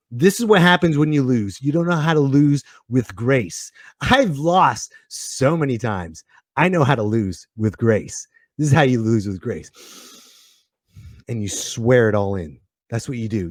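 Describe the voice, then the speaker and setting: A man hosting his comedy podcast, excitable and ranting, with sudden bursts of shouting. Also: a little high, dry recording, clean studio sound. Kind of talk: casual comedic monologue.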